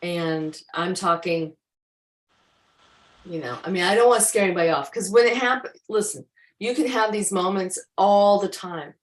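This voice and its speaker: A woman's voice: medium pitch, normal speed. A woman on a video call chatting casually about spiritual growth in a reflective, meandering way, acting out her own inner thoughts. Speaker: co-host. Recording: echoey room, distant mic.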